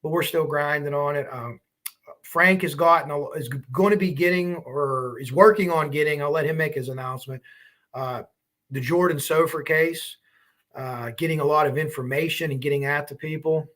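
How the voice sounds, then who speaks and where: Male livestream host, slightly high voice, bright and forceful, loose rambling chat. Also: normal speed. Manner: rambling, chatty, reacts to comments as he goes. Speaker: true crime livestream host. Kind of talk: casual livestream chat reading viewer comments.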